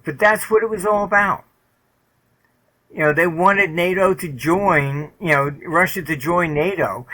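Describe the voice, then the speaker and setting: A man's voice: fairly high pitch, bright, forceful tone, poor audio. A man talking bluntly as an interview guest, rambling with many fillers and telling stories from his career. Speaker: interview guest, market forecaster. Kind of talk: casual interview talk, storytelling.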